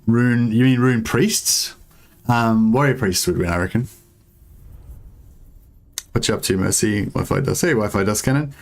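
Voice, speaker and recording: Young aussie streamer guy, low voice, rambly and hesitant commentary. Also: a little slow, gravelly, long pauses. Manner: rambling, hesitant, many fillers, chuckles. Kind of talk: casual gameplay commentary.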